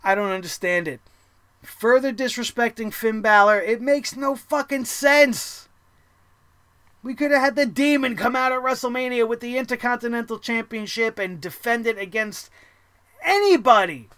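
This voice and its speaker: High-pitched, bright, ranting man. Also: normal speed, clean tone, no room sound. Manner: profane, heated, animated ranting. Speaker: wrestling show host. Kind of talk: ranting wrestling review.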